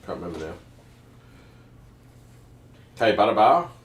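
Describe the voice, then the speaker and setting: A man's voice: on the low side, a little slow. A man co-hosting a live stream, chatting casually and reading out viewer names. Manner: relaxed, reads out viewer greetings. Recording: echoey room, distant, noisy.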